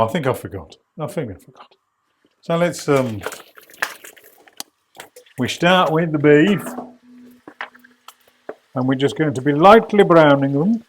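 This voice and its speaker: Chatty man cooking at home. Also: mid-range voice. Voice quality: chatty, rambling, self-deprecating. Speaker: cooking channel host. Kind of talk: casual cooking vlog chat. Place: home kitchen.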